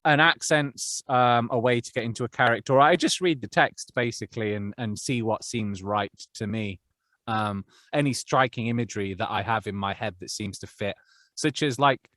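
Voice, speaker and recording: A man's voice: medium pitch, a bit bright, no room sound. Rambling male audiobook narrator, dry sound. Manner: rambling, thinks aloud with many restarts. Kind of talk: casual interview chat.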